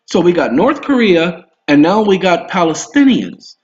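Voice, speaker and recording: A man's voice: high voice, very animated, moderate pace. A man hosting an online video, talking to his viewers in a rambling, emphatic monologue. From Southern US roots. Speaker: video host. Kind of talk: casual monologue to camera. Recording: roomy, dull home recording.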